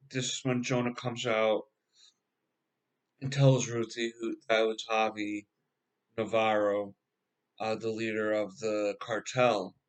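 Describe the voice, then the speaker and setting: A man casually recapping a TV episode as a reviewer, halting and rambling with frequent filler words and a laid-back, slangy way of talking. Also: on the low side. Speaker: TV show reviewer.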